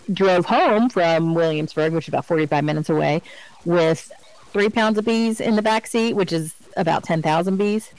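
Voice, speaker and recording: A woman co-hosting a podcast, chatting casually and telling animated, funny stories. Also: low voice, clean tone, low-quality recording. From Virginia, US. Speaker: podcast co-host. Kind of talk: casual chat.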